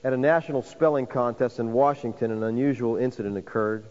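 A man's voice: mid-range voice, fairly even intonation, brisk, a little mellow. A man preaching a sermon as pastor, calling his listeners "folks" and building to emphatic points. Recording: dull sound with long hall reverb.

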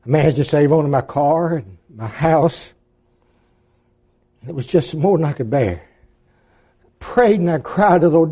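An older man preaching a sermon, dropping to a hush and then rising to impassioned, pleading peaks. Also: a little high, moderate pace, long pauses, husky. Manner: dramatic, swinging from hushed to impassioned. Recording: dull lo-fi sound.

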